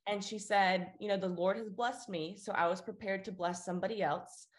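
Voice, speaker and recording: A woman's voice: medium pitch, moderate pace. A woman in her twenties from Florida, an interview guest earnestly telling a personal story and acting out the people in it. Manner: earnest, acts out quoted voices with lively shifts.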